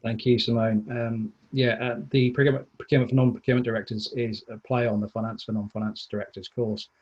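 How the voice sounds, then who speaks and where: A man giving a webinar talk on procurement, in a flat, dry manner with wry asides. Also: medium pitch, fast talker, slightly rough, highs cut off. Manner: self-described monotone, dry wry asides. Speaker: procurement consultant and speaker.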